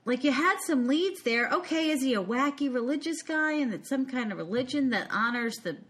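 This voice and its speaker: A woman's voice: high-pitched, a little fast. A woman co-hosting a podcast, chatting casually about a movie, laughing often and saying "like" a lot. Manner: lively, laughing, frequent "like". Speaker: podcast co-host. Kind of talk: casual movie review chat.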